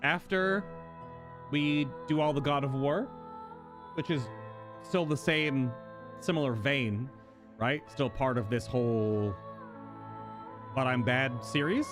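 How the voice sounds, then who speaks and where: A gaming streamer offers casual gameplay commentary, chatting and rambling to his viewers and talking to chat, with music playing underneath. His mid-range voice moves slowly, with frequent pauses.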